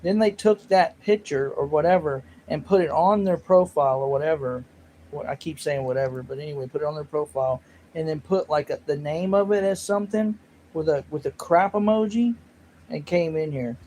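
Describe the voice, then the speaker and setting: A man's voice: a little high, brisk, dark tone, a little hiss or hum, rough recording. Rambling man chatting on a livestream. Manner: rambling, self-mocking, reads chat aloud. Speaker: livestream host. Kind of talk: casual livestream chat.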